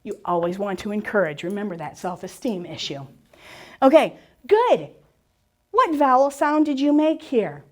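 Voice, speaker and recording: A woman's voice: mid-range voice, normal speed. A woman teaching a class on spelling and syllable rules, encouraging and asking questions she answers herself. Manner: lively, encouraging, asks and answers her own questions.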